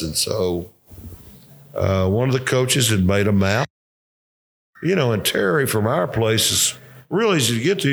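With a gravelly drawl at an everyday pitch, this older man, a retired football coach on as a guest, spins loose, profane coaching anecdotes and keeps laughing at them himself.

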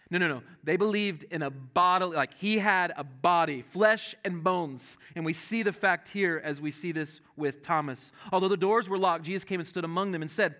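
A man preaching a sermon, animated and earnest, dropping to soft hushed tones when quoting scripture. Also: sits high, normal speed. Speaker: pastor.

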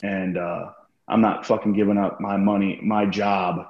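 Deep-voiced man telling a profane story. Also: little pitch movement, measured pace. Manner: profane, rambling, many fillers. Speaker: podcast guest. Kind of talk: casual storytelling. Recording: roomy, slightly dull sound.

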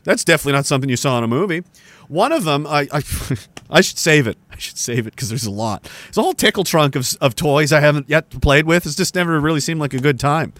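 A man's voice: fairly high pitch, fast talker, fairly bright tone, dry recording. A man hosting a livestream, ranting sarcastically and swearing, with laughs between remarks. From Canada. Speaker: livestream host. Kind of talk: casual ranting commentary. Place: indoor room by a woodpile.

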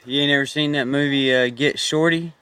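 A man's voice: medium pitch, fairly even intonation, a little fast, sharp tone. A man in a casual podcast chat, laid-back and matter-of-fact, with slangy talk.

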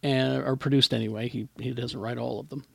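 A man's voice: mid-range voice, steady tone, fairly quick, vocal fry, a little mellow, dry recording, studio quality. A man hosting a casual live geek-culture chat show, rambling and self-deprecating, laughing often. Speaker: podcast host.

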